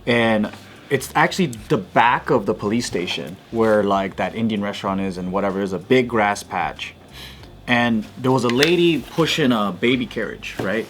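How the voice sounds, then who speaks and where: A man co-hosting a casual podcast, telling a story in an animated way, swearing freely and acting out the shouts. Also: fairly low pitch, normal speed, faint music behind. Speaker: podcast co-host.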